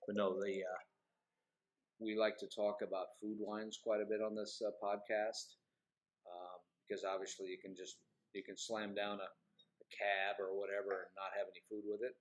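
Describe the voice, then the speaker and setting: A man's voice: on the low side, flat delivery, normal speed. A man co-hosting a wine podcast in casual chat, rambling and joking at his own slips. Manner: rambling, self-deprecating, joking.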